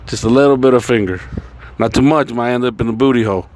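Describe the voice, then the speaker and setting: Talking fast in a medium-pitched, darkish voice, a man wanders through a personal anecdote. He curses all the time and leans heavily on fillers such as "like" and "you know," keeping things loose and casual.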